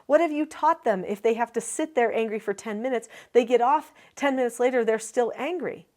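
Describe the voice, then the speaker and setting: A woman's voice: fairly high pitch, fairly quick, a little mellow. A middle-aged woman giving a parenting lesson straight to the camera, explaining in an earnest way and briefly acting out what a parent or child might say. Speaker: parenting educator.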